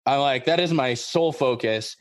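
Excitable man hosting a podcast, dry sound. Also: medium pitch, moderate pace, no echo. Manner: excitable, rambling, repeats himself. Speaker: podcast host. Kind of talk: casual chat.

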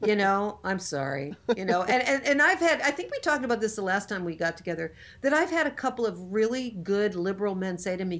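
A woman in her fifties, chatting casually but with real heat. Her voice sits at an ordinary middle pitch, and she sounds indignant and emphatic as she drives each point home. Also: big pitch swings, a little fast, few pauses, a bit bright. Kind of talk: casual chat.

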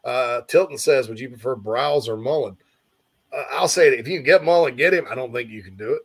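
A man's voice: mid-range voice, brisk, breathy edge. A man hosting a casual sports talk show, reading listener questions aloud and chatting with his co-host.

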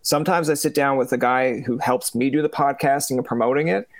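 A man hosting a podcast, talking in a relaxed, rambling way with lots of fillers. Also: medium pitch, fairly quick, dry recording. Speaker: podcast host. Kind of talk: casual podcast chat.

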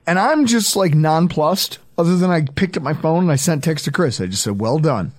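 A man's voice: moderate pace, dry recording, clean studio sound. A man hosting a podcast in casual banter, telling stories with jokes and mocking impressions. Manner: animated, jokey storyteller with high mocking impressions. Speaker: podcast host.

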